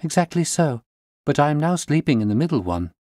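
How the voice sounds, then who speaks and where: A nervous, eager young lady, as a male narrator puts her on, voiced well above his usual pitch. Her words come out earnest and anxious, and the sound is dry and close. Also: big pitch swings, fairly quick, darkish tone, no room sound. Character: frightened young woman client.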